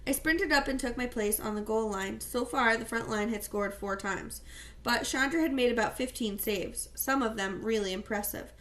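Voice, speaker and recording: A woman reading a first-person novel aloud in a plain, steady storytelling manner. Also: a little high, moderate pace. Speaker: audiobook reader.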